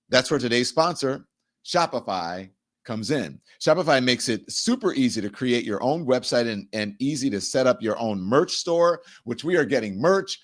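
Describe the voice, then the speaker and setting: Middle aged guy hosting his own show, loose chatty monologue, mid pitch. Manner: chatty, repeats words, swings from sponsor pitch to heated rant. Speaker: show host. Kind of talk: casual talk show monologue.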